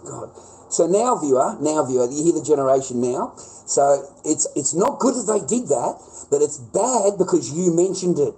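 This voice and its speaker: Middle-aged man, Australian accent, livestream rant, heated and profane, high voice. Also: expressive, normal speed, dark tone, low-quality recording.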